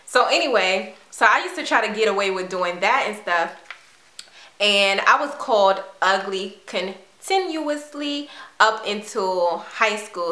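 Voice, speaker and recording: A young woman from Washington, D.C., telling a personal story in a chatty, animated way with casual slang. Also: medium pitch, measured pace. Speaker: vlogger. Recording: echoey room.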